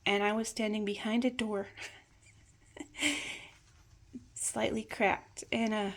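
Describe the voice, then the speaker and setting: Slow-spoken woman sharing a memory. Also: medium pitch, fairly even intonation. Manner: reflective and hesitant, drifting into soft near-whispers. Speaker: storyteller. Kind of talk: personal memory storytelling.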